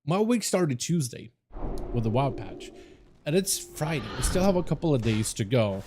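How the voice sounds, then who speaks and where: A tired male game streamer chatting casually with his viewers, laughing often and breaking into excited outbursts. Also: fairly high pitch, moderate pace, background noise. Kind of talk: casual livestream chat.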